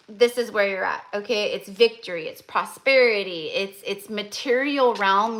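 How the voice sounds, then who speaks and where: A woman's voice: mid-range voice, fairly bright tone, a little hiss or hum. A young woman giving a live-stream tarot reading, talking in a gushing, effusive way with many fillers and restarts. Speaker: tarot reader.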